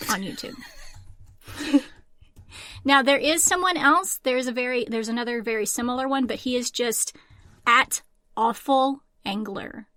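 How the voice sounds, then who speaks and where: A woman co-hosting a podcast in casual chat, animated and playfully exasperated. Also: on the high side, no room sound. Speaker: podcast co-host.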